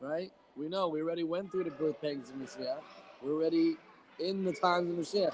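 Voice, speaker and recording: A man's voice: on the high side, fairly quick. Playful man moderating a noisy call. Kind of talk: casual group-call hosting. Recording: noisy video call audio.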